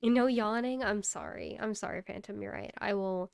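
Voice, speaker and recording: Woman streamer, sleepy and talkative, smooth voice, dry close sound. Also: mid-range voice, moderate pace, no room sound. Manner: chatty, yawning, laughs often, greets chat by name. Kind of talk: casual live-stream chat while gaming.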